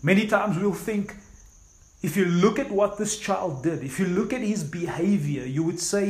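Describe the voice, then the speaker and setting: A man's voice: sits high, normal speed. A man preaching a sermon as pastor, reading scripture aloud and then urging his listeners on with fervent exhortation. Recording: echoey room.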